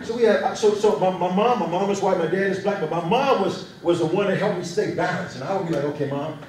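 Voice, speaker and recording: A young man giving a motivational speech to a youth audience, telling animated stories. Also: sits high, fast talker, crowd noise. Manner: animated storyteller. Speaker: youth speaker. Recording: echoey hall, mic far off.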